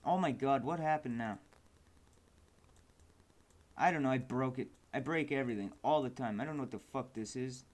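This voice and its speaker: A man streaming his game development, exasperated and cursing at the software as he works. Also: medium pitch, normal speed, pauses often. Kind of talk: frustrated livestream commentary.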